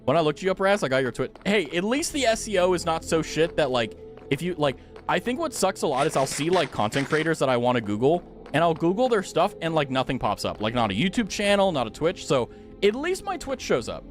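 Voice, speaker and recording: A man's voice: on the high side, sing-song, brisk, soft background music. A young man streaming a game, chatting casually and playfully with his viewers. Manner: playful, chatty, talks to chat. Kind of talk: casual gaming commentary.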